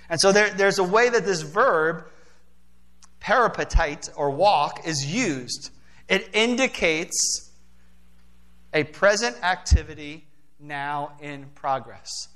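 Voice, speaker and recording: A man, the church's pastor, preaching a casual, animated sermon in a church and acting out quoted voices along the way. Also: on the high side. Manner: animated, acts out quoted voices, conversational asides. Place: church sanctuary.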